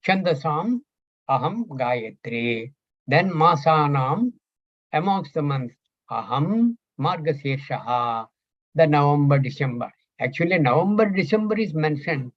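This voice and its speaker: Older male scripture teacher, slow and searching, slightly high voice, dull lo-fi sound. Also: lively intonation, no echo. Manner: slow, thinking aloud, asks students questions. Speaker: Gita teacher. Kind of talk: scripture class. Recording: dull lo-fi recording.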